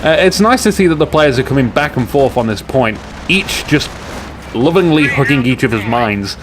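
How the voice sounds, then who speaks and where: A British man casts a strategy game replay from his desk, rambling from one sarcastic quip to the next. His voice sits at an ordinary middle pitch. Battle noise from the game, with gunfire and explosions, plays clearly beneath him. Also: expressive, moderate pace. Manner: joking, rambling, sarcastic asides. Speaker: game caster. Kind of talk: casual game commentary over a replay.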